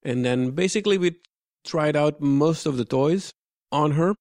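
A man's voice: a little high, unhurried, darkish tone, dry recording. A man co-hosting a podcast in casual chat, dry and matter-of-fact with a playful edge. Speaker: podcast co-host.

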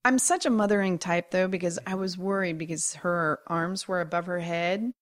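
A woman's voice: fairly low pitch, steady tone, moderate pace. A woman co-hosting a podcast in casual, bubbly chat, teasing and laughing often. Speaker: podcast co-host.

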